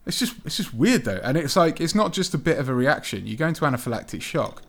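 A man's voice: on the high side, very animated, fast, creaky. A young man chatting casually as a podcast co-host, laid-back and sweary, trailing off with ums. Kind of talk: casual chat.

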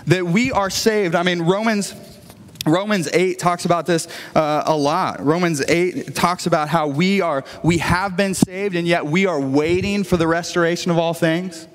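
A man's voice: high voice, normal speed. A male pastor preaching a sermon in a church, talking in an earnest, conversational way as he tells stories. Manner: earnest, conversational storytelling with frequent restarts. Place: church sanctuary. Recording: long reverb of a church hall.

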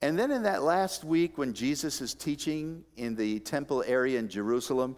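Lively preaching man in a reverberant hall. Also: medium pitch, moderate pace, hardly any pauses. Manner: expressive preaching, swings from soft asides to loud emphatic peaks; dry humorous asides to the congregation. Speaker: pastor. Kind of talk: sermon. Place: church sanctuary. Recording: long reverb of a large hall.

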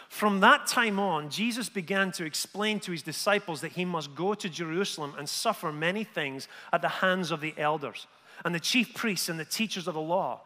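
Guy preaching a sermon, high bright voice, lots of questions to the crowd, big hall echo. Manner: animated, conversational preaching with rhetorical questions. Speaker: pastor. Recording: long hall reverb.

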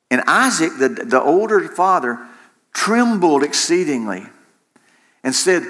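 A man's voice: a little high, very animated, a little slow, bright, forceful tone. A man preaching a sermon in an impassioned way, repeating phrases for emphasis. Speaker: pastor.

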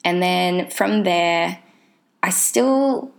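A young woman vlogger casually shares her mental health story, rambling with lots of fillers and restarts. Her lowish voice has vocal fry and moves very slowly.

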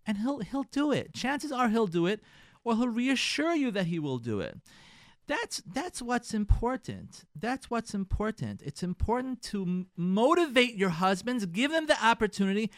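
Higher-voiced rabbi giving advice. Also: male voice, no room sound, studio quality. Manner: coaching, acts out sample dialogues in a softer voice; repeats phrases, stammers on word starts. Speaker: rabbi and radio show host. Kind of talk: advice talk to listeners.

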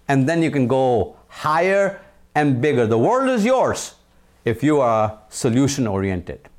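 A man's voice: medium pitch, sing-song. Emphatic Indian man in his sixties. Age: 60s. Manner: emphatic, repeats key phrases, slows down for punch lines. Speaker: leadership speaker. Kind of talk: motivational talk.

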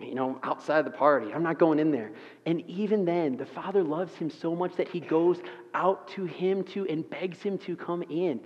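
A fairly high-voiced man preaching in a church, lively and acting out the voices of the people in the story. His voice rings through a big hall with a long echo, and the recording sounds a little muffled. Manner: animated, acts out the story's characters. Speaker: pastor. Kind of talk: sermon. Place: church auditorium.

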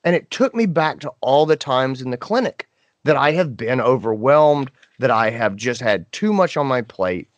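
A middle-aged man co-hosts a podcast, telling a story in a loose, chatty way. His pitch swings widely, and he jumps into high voices when he quotes people. The sound is dry and close to the mic. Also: lively intonation, moderate pace, dry recording. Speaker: podcast co-host. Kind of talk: casual storytelling chat.

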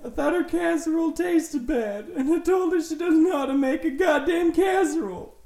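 Performer voicing an angry drunk husband, improvised comedy, high voice, cursing, roomy echo. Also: moderate pace, creaky. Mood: indignant. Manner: yelling, cursing, accusing. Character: angry drunk middle-aged husband, hot-tempered and threatening. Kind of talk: improvised comedy role-play. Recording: echoey room, voice from far off.

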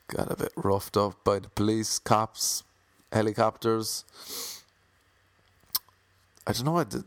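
A man's voice: fairly low pitch, gravelly, no echo. A man tells a story in a casual, comic way. He swears freely and mocks himself. The recording is close and dry, with no room sound. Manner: lively, acts out the voices in his story; swears casually, self-mocking.

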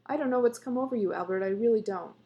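A woman's voice: on the high side, quick pace, dark tone, lo-fi sound, lightly acted. A woman voicing an anxious, protective wife and mother in a read-aloud story, insistent and scolding. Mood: alarmed.

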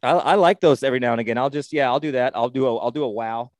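A man co-hosting a podcast in casual sports chat, rambling and excitable with lots of swearing and restarts. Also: medium pitch, very fast, dry recording. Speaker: podcast co-host.

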